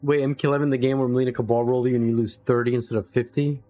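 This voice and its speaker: A man hosting a casual podcast, his words tumbling out at a brisk clip. He keeps pushing back with exasperated, incredulous questions. His pitch sits in an ordinary middle range. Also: flat delivery, dark tone, soft background music. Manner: rapid, exasperated complaining. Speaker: podcast host. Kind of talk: casual gaming podcast chat.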